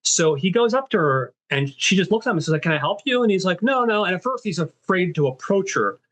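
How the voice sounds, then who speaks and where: A man hosting a film podcast, casually retelling a movie's story with many fillers and quick voiced quotes of the characters. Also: high-pitched, expressive, a bit bright. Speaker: podcast host.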